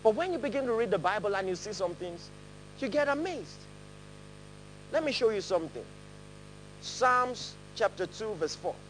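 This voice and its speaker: Animated pastor preaching with lively swings. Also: male voice, sits high, normal speed, long pauses, a little hiss or hum, low-quality recording. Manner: animated, laughing, leads the congregation in reading aloud. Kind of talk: sermon. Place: church hall with a congregation.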